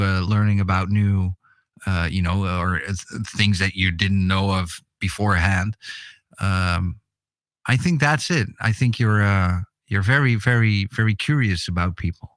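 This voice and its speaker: A man's voice: lowish voice, measured pace, fairly bright tone, no room sound, studio quality. Hesitant, teasing podcast co-host man. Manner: teasing, hesitant with many fillers. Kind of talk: casual podcast conversation.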